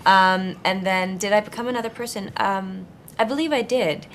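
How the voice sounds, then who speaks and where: A woman's voice: mid-range voice, a little fast, slight background noise. A young actress in her twenties answering interview questions thoughtfully, searching for words with frequent fillers and restarts. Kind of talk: conversational interview.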